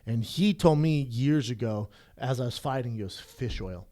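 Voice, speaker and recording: A man's voice: mid-range voice, normal speed, mellow. A man co-hosting a podcast, a former fighter telling a rambling story in casual chat and swearing freely.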